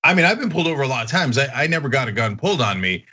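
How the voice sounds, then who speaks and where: A man hosting a political commentary show, talking straight to his viewers in an animated, indignant way. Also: mid-range voice, very fast, slightly rough, muffled recording. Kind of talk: heated opinion commentary.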